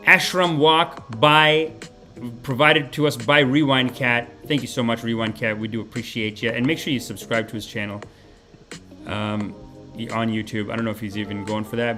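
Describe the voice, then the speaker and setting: A man's voice: mid-range voice, a bit bright. Rambling profane male podcast host. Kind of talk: casual livestream chat.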